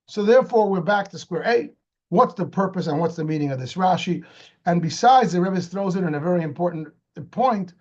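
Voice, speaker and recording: A rabbi, a man with a high-pitched voice, teaches a Torah lesson in a lively, explanatory way. He keeps asking rhetorical questions and starts sentences over. The recording sounds muffled and lo-fi. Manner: animated, asks rhetorical questions, repeats words when restarting. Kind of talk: explanatory lecture.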